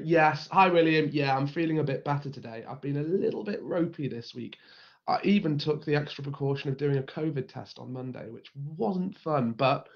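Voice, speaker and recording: Male host, slightly croaky, friendly live-stream chat, higher pitch, muffled stream sound. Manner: chatty, greets viewers by name.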